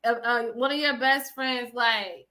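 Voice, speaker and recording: A woman's voice: on the high side, unhurried, pushed and bright. A woman co-hosting a casual chat who steers the talk and asks questions. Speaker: podcast co-host.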